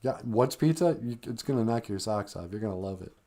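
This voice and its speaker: A man's voice: fairly low pitch, animated, a little fast, dark tone. A man voicing an easygoing, fatherly creator god who talks in a casual, friendly way in a comic story. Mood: breezy.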